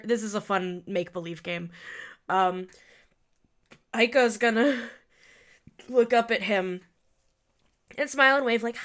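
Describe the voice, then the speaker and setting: Bright, upbeat woman player. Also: medium pitch, clean tone. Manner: upbeat, effusive, chatty with fillers. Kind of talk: casual role-play chat.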